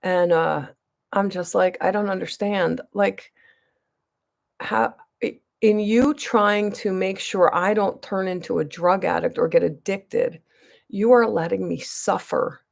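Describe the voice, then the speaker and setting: A beauty vlogger with a medium-pitched, gravelly voice speaks steadily and without hurry. She tells her viewers a long personal story, rambling and emphatic, with many restarts and asides.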